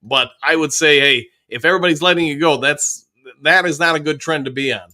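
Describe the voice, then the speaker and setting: A man's voice: a little high, brisk, pushed and bright. Upbeat man hosting a chat stream. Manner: upbeat, greets chatters by name, chatty and joking. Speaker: host of a fan livestream reading chat. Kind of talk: casual live chat.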